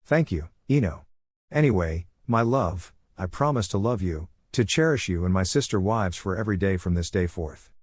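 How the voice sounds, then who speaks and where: A man's voice: low voice, animated, moderate pace, breathy edge, no echo, studio quality. A man voicing a headstrong young woman reading her wedding vows in a plain storybook manner. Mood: tender.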